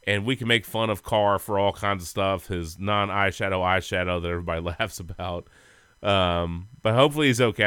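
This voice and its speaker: A man's voice: fairly low pitch, fairly bright tone, smooth, dry recording. A man co-hosting a sports podcast, telling rambling, goofy stories in casual chat and laughing often. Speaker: podcast co-host.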